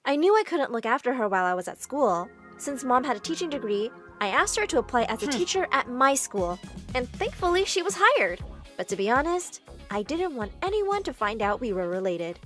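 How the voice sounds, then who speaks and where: A woman tells an animated story in the first person, with a high and very lively voice. Her delivery is brisk and expressive, and soft music runs underneath. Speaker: narrator.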